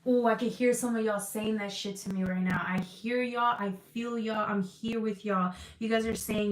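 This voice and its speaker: A woman's voice: mid-range voice, normal speed, few pauses, reverberant, poor audio. A woman giving a tarot reading to her viewers, emotional and tearful, swearing freely and calling them y'all. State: crying. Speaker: tarot reader.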